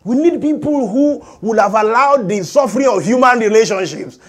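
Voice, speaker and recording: Man preaching a lively sermon, high pitched, lots of amens back and forth. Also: moderate pace. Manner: animated preaching with call-and-response. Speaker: pastor.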